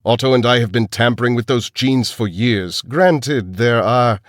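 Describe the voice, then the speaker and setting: A man voicing a cold, menacing elderly male villain scientist, speaking slowly and calmly. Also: medium pitch, no echo, clean studio sound, voice pushed up, lightly acted. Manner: calm, menacing, slow.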